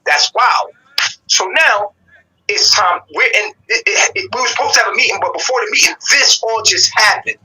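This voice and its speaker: A man's voice: sits high, normal speed, bright, forceful tone, poor audio. A man hosting a live call-in show, telling a long personal story with lots of slang and swearing, acting out what each person said. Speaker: show host.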